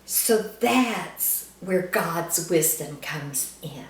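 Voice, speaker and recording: A woman giving a calm, reflective church devotional, repeating phrases in a meditative way. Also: on the low side, extremely slow, far from the mic. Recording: echoey room, voice off-mic.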